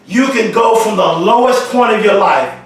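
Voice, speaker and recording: A man giving a motivational speech, emphatic and repetitive, stretching key phrases slowly for emphasis. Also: high-pitched. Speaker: motivational speaker. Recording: very echoey room, mic far off.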